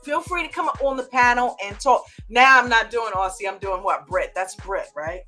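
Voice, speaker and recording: A woman's voice: a little high, normal speed, pushed and bright, faint music behind. An American woman hosting a live trading chat stream, playful and teasing, laughing often and greeting viewers by name. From United States.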